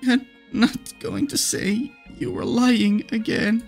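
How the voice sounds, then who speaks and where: A man raising his voice high into a young woman who is crying. Her words come out quivering and sniffly as she presses for the truth. Faint game music sits underneath. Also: slow, gravelly, heavily acted. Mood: pleading. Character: tearful young woman, heartbroken but hopeful. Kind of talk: reading a visual novel aloud.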